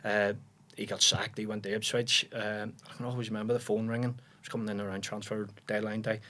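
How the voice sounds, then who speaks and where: A Northern Irish man in his forties talks in a low, easy register. He is a podcast guest spinning relaxed anecdotes, with plenty of fillers and false starts as he goes. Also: a little fast. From Northern Ireland. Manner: relaxed storyteller, frequent restarts and fillers. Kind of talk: casual podcast interview chat.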